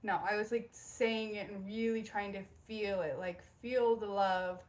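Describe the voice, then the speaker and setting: A woman's voice: mid-range voice, steady tone, a little slow, a little mellow. A young woman hosting a casual spiritual livestream from home, bubbly and giggly as she greets viewers by name. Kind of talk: casual live-stream chat.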